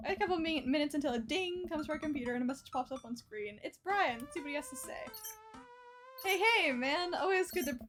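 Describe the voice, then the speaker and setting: A young woman streaming a dating game, reading the dialogue aloud, animated, laughing often and swearing at misses. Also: sits high, quick pace, hardly any pauses, soft background music.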